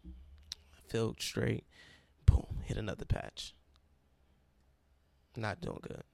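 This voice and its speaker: Gravelly young man sharing a testimony. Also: lowish voice, steady tone, slow pace, warm tone, no echo. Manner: emotional and self-described dramatic, near tears. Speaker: college Bible study leader. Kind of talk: personal testimony storytelling.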